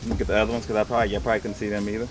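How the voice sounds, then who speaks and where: A man's voice: on the low side, flat delivery, racing, noisy background. A young man casually talking through his resale haul in a laid-back, rambling, slangy way. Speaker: online reseller showing his haul.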